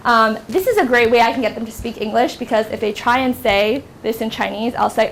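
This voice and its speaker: A woman's voice: on the high side, fairly quick, creaky, a little hiss or hum. A young American woman teaching a workshop class in a casual lecture style, full of ums and likes. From United States. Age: young adult. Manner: casual, filler-heavy delivery with many ums and likes. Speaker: workshop instructor. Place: university classroom.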